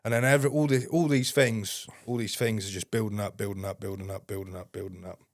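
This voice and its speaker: A man with a fairly low voice tells a story as a podcast guest, blunt and casual and swearing all the time. His voice is close and dry, with no room sound. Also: fairly even intonation, fast, dry recording.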